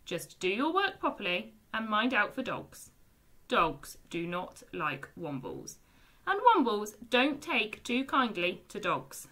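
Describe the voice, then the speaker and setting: A woman puts on a grumbling old male Womble who runs the storeroom, brusque and slow-spoken. The voice is bright and swings up and down in pitch, pushed louder than a plain reading. It is a storybook told aloud for young children. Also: big pitch swings, full character voice.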